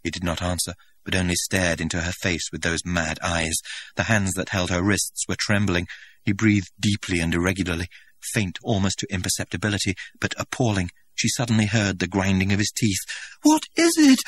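A man giving an expressive, dramatic audiobook narration. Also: low-pitched, fairly quick, no room sound.

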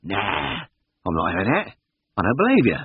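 A man's voice: deep voice, huge pitch swings, normal speed, breathy edge, no room sound, exaggerated voice. A man voicing a jittery young male airman who gasps and stammers in panic. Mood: disbelieving. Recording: dull lo-fi audiobook recording.

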